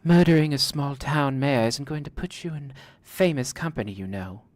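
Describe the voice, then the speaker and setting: A man voicing a seductive female Daedra who taunts her rival, in a soft, breathy voice. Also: mid-range voice, lively intonation, normal speed, close to an everyday voice. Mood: sneering. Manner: mocking, taunting.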